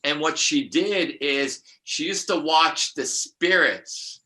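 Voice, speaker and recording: A man's voice: on the high side, slow pace, sharp tone, rough recording. An older man, a numerologist guest, telling rambling spiritual stories with many restarts and laughs.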